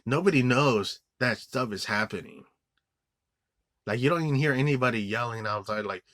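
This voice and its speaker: A man's voice: mid-range voice, lively intonation, normal speed, fairly bright tone, dry recording, studio quality. A man giving an angry, profane movie review rant, rambling with many restarts and fillers. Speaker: film reviewer.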